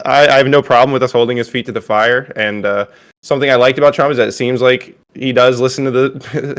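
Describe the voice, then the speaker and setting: A man's voice: mid-range voice, a bit bright. A man on a panel who talks in a hesitant way, with many fillers and restarts. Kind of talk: casual panel discussion.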